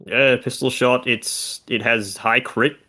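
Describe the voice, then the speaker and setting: A man's voice: mid-range voice, steady tone, slow pace, pushed and bright. A man co-hosting a casual video game discussion, talking through stats and mechanics in detail. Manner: analytical, talks through game numbers. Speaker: content creator co-host.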